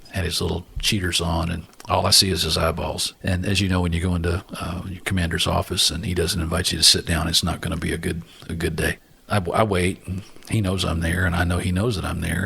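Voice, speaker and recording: Gravelly older man. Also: deep voice. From Alabama, US. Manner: animated storyteller, acts out other voices. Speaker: guest, former Marine aviator. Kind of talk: storytelling interview.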